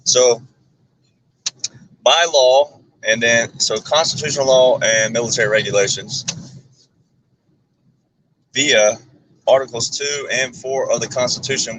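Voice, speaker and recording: A man's voice: mid-range voice, sharp tone, a little hiss or hum, low-quality recording. An American man, a guest speaking from inside a car, earnestly lecturing and piling up legal references. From United States. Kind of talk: earnest explanation.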